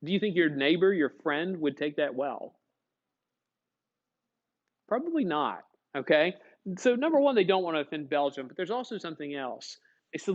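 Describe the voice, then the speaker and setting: A man's voice: fairly high pitch, expressive, normal speed, pauses often, dull audio. A male history teacher giving a chatty classroom lecture, asking the class questions in a folksy way.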